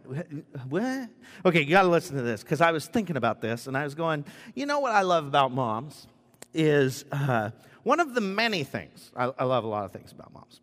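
In a church sanctuary with a long, echoing reverb, a pastor in middle age preaches casually, mixing in humor and often starting his phrases over. He speaks at a medium pitch with a fairly bright tone.

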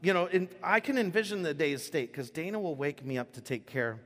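Speaking a little high and a little fast, this pastor delivers a sermon in a space with big-room acoustics. He animates his story by performing the voices of the people in it.

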